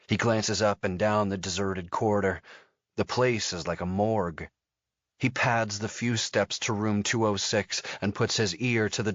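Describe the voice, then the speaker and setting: A male audiobook narrator with a low voice, telling the story in a steady, measured way. The recording is dry, with a slightly dull, muted top end. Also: no room sound. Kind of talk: scripted narration.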